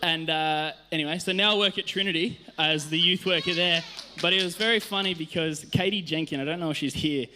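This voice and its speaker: A man's voice: fairly high pitch, a little fast, noisy background. An Australian man, a youth worker, telling stories in a casual sermon on a church stage, chatty and self-mocking, laughing often.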